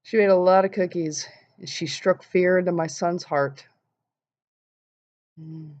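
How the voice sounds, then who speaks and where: A young woman vlogger telling an animated story and acting out the quotes in voices. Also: on the low side, a little slow. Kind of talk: casual storytelling vlog. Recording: dull lo-fi sound.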